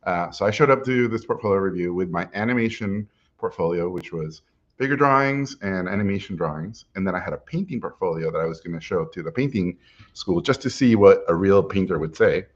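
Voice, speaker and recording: A middle-aged man telling a personal story in a lively way, acting out what people said to him, with frequent "uh"s. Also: sits low, brisk, dull audio. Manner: lively anecdotal, acts out quotes, frequent "uh". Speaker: animation guest speaker.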